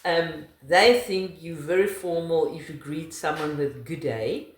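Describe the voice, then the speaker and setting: A woman's voice: low voice, unhurried, roomy sound. A middle-aged South African woman, her first language Afrikaans, with an Afrikaans accent, talking in a casual interview in an emphatic, laughing way.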